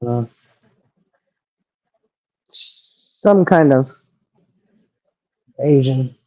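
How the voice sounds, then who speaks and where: Rambling middle-aged woman, mellow and dry. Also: very deep voice, lively intonation, very slow, dry recording, muffled recording. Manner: rambling, chatty, trailing off. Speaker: livestream co-host. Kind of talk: casual chat.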